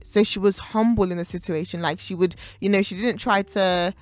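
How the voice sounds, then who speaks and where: A young woman co-hosting a casual chat, talking in an animated, preachy way and laughing often. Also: mid-range voice, normal speed, faint music behind. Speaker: podcast co-host.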